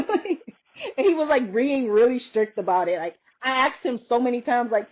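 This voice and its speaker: A woman's voice: a little high, moderate pace. A woman podcaster in a casual chat, telling a story with lots of laughter and acting out what others said. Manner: animated, laughs often, acts out quoted voices. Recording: dull lo-fi sound.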